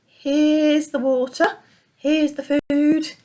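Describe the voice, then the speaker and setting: A woman doing high chirpy storybook sheep. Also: level tone, extremely slow, dark tone. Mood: welcoming. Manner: high, chirpy and sing-song. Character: friendly welcoming flock of sheep.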